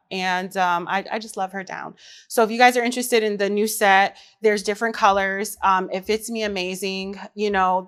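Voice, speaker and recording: A woman, a mother, hosting her own podcast in casual chat, talking lively and straight to the women listening. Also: medium pitch. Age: adult mother. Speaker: podcast host.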